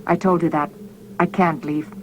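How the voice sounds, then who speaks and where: A woman voicing a desperate, lonely man who pleads and shouts, reading an audiobook. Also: deep voice, fairly even intonation, normal speed, a little hiss or hum, close to an everyday voice, rough recording.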